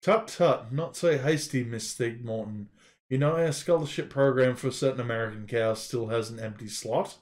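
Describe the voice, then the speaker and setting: A man's voice: normal speed, a little mellow, close to an everyday voice. A man voicing a scheming male ox headmaster who purrs in a mild, girlish tone while reading a game's story aloud. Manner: purring, syrupy, high girlish tone.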